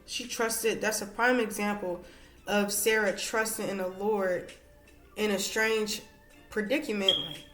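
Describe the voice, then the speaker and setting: A woman with a slightly high voice leads a casual Bible study, reading verses and stopping often to check in. The room sounds roomy, and faint instrumental music plays underneath. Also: moderate pace, a bit bright. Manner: conversational, reads verses aloud, frequent "all right". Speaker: women's Bible study teacher. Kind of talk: casual scripture teaching.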